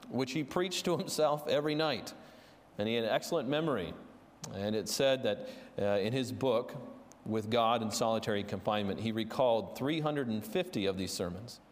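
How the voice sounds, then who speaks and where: A man preaching a sermon, earnest and storytelling, with fillers and restarts. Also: mid-range voice. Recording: long reverb of a large hall.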